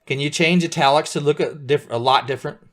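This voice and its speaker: A man's voice: fairly high pitch, fairly even intonation, fast. Middle-aged guy teaching a beginner coding class, patient, keeps checking in with the students. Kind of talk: live beginner coding lesson.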